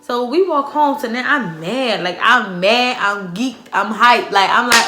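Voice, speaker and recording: A young woman vlogger telling a story in a dramatic, animated, profane storytime style. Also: on the high side, a little slow, hardly any pauses. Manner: profane, slangy. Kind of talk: casual storytime. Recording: echoey room.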